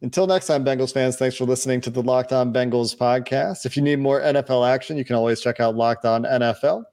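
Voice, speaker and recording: A man's voice: medium pitch, steady tone, quick pace, darkish tone. A man hosting a sports podcast in casual chat, asking his co-host questions and closing the show. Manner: steers the talk, asks questions, signs off the show.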